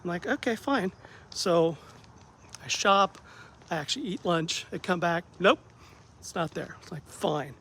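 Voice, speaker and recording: A therapist recounts his rough day in a relaxed, conversational vlog. His voice sits a touch high for a man and jumps as he acts out what people said. A faint hum of background noise runs under the recording. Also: a little slow, long pauses. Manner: animated, acts out quoted dialogue, self-deprecating. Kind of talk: casual vlog storytelling.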